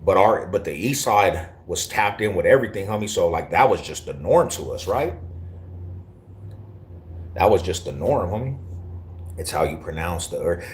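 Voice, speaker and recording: Low-voiced East Denver man streaming live. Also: lively intonation, moderate pace, long pauses. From Denver, Colorado. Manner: slangy, profane, laid-back banter. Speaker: livestreamer reading chat. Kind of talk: casual live-stream chat.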